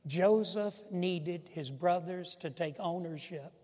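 A man preaching a sermon as pastor, impassioned, swinging from loud pleading to hushed emphasis. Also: high-pitched, slow, big-room sound.

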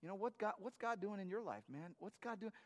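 Middle-aged male pastor, higher voice, energetic sermon, long reverb. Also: fairly quick. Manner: energetic, repeats himself with restarts. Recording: long church hall reverb.

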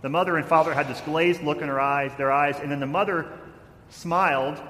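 A man giving a sermon as a pastor, telling stories with changing loudness and acted-out quotes. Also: a little high, steady tone, fairly quick. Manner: storytelling with shifts in loudness, acting out quotes. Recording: echoey hall, faint noise.

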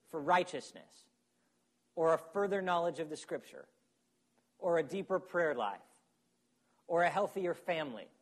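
A man preaching a sermon in a conversational way, often checking in with his listeners. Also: on the high side. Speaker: pastor.

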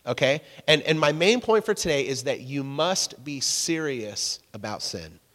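A man's voice: mid-range voice, lively intonation, measured pace, fairly bright tone. A young man preaching a sermon as pastor, telling stories in a casual, self-deprecating way and asking the congregation questions. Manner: conversational storytelling, self-deprecating. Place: church hall. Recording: long reverb of a church hall.

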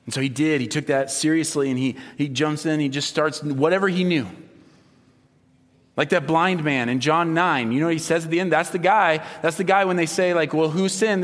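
Man, pastor, high voice, animated sermon storytelling, echoing church hall. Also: fairly quick. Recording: long hall reverb.

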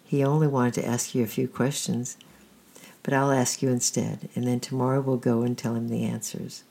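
A storyteller reading the lines of a kind grown man who speaks gently and reassuringly, in a creaky, husky voice. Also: mid-range voice, level tone, moderate pace. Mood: gentle.

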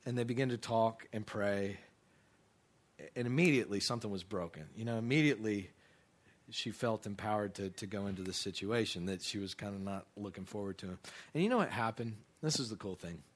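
A middle-aged man, a pastor, preaching a sermon through a personal story. He tells it as an animated storyteller with many restarts and brief voiced quotes of others. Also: on the low side, fairly quick.

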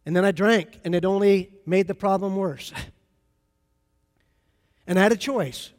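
A man's voice: sits high, a little slow. A man preaching a sermon as pastor, talking to the congregation in a conversational, storytelling way. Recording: long reverb of a large hall.

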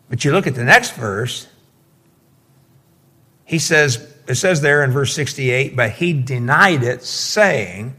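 A man's voice: mid-range voice, expressive, slow pace, pushed and bright, husky. A man preaching a verse-by-verse sermon, explaining scripture with emphatic, folksy asides.

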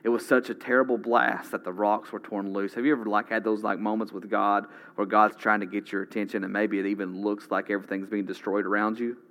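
A man preaching a sermon dramatically, rising loud and then dropping to a hush. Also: fairly low pitch, level tone, a little fast, hardly any pauses. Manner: dramatic, swinging from loud to hushed.

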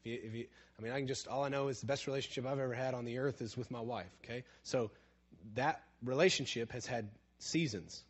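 A man preaching a conversational sermon who asks his listeners questions, drops to a hush and then builds to emphatic points. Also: mid-range voice, quick pace. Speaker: pastor.

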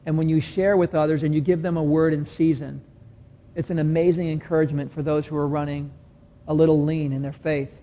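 A man's voice: fairly high pitch, level tone, fairly quick, dark tone, lo-fi sound. A man preaching a sermon as pastor, earnest and repeating key phrases for emphasis. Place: church sanctuary.

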